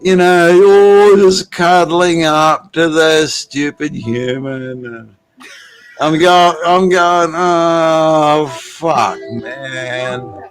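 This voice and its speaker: A man's voice: a little high, takes it slowly, clean tone, soft background music. A man telling rambling, profane stories in casual chat from home at his computer.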